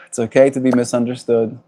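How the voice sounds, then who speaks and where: Gentle South African man streaming. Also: medium pitch. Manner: gentle, warm-hearted, laughs often. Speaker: livestreamer reading chat. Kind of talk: casual livestream chat.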